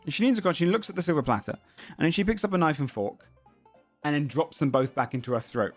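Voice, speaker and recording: A man's voice: fairly high pitch, animated, quick pace. Guy running a tabletop game, easygoing narration, lots of um and like, music under it. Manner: loose, hesitant narration with many fillers. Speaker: game master.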